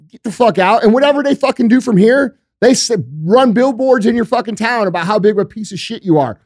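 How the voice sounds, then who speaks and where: A man's voice: very high-pitched, fast talker, a little mellow, dry recording, studio quality. A man talking casually as a guest, blunt, profane and emphatic as he gives motivational advice. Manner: emphatic and intense. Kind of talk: casual chat.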